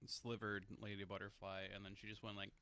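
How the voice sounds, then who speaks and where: A man with a fairly low voice co-hosts a relaxed gaming podcast. He mostly chimes in with short, wry quips. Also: a little fast, a little hiss or hum. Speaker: podcast co-host. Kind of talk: casual gaming chat.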